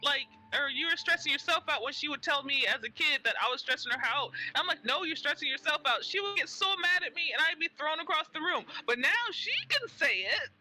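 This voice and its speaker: A woman's voice: high voice, a little fast, hardly any pauses, poor audio. A woman streamer chatting casually while gaming, telling stories animatedly and acting out the people she quotes, on a headset mic. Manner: animated storyteller who acts out quoted people.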